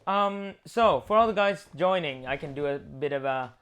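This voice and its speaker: A man's voice: fairly high pitch, animated, normal speed, a bit bright, clear, resonant tone. A man who develops games, chatting on a live stream in a loose, rambling, joking way. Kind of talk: casual livestream chat.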